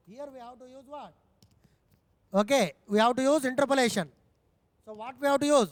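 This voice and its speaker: High-voiced Indian English coding tutor. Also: male voice, fairly quick, long pauses, no echo, in a large hall. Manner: step-by-step, repeats phrases, asks himself questions. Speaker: programming tutor. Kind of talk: screen-recorded coding tutorial.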